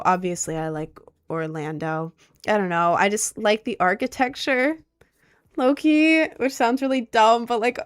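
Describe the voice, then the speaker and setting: A woman's voice: medium pitch, no echo, clean studio sound. A young woman streamer from Maryland chatting casually and rambling as she reads viewer questions. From Maryland, USA. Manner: chatty, rambling, filler-heavy. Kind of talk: casual livestream chat, reading viewer questions.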